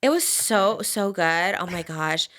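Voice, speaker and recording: Pregnant woman podcast host, bright and sharp tone, chatty gossip energy. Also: fairly low pitch, lively intonation, unhurried. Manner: chatty, gossipy, laughs often. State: heavily pregnant. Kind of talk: casual chat.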